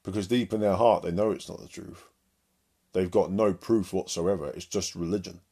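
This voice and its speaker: Guy preaching, low deep voice, blunt and combative, talks straight at listeners. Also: steady tone, moderate pace, warm tone, breathy edge. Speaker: evangelist.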